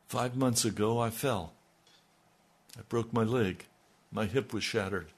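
Older male radio pastor, low-pitched and gravelly, slow earnest delivery. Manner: slow, earnest, dropping to near-murmurs. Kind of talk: radio sermon.

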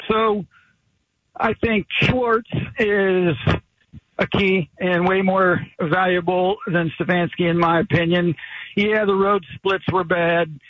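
A man's voice: sits high, dry recording. A man calling in to a sports radio show, eagerly piling up his arguments. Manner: eager, argumentative, piles up points. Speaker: caller. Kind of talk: call-in sports radio talk. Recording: dull lo-fi phone-in line.

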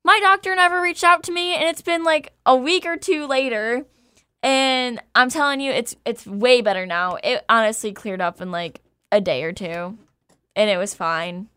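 A woman host telling a personal story in casual chat, candid and animated, laughing as she goes. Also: a little high, normal speed, smooth, no room sound, studio quality.

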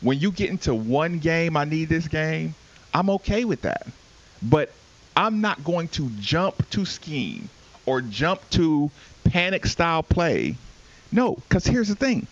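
A man's voice: on the high side, takes it slowly. A man hosting a casual sports talk show, talking emphatically and restarting his sentences often. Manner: animated, emphatic, many restarts. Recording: dull lo-fi recording.

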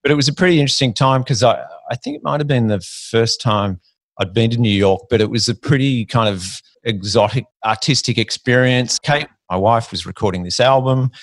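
A man's voice: medium pitch, brisk, no room sound, clean studio sound. A middle-aged Australian man hosting a casual interview, friendly and calling his guest "mate". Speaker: podcast host.

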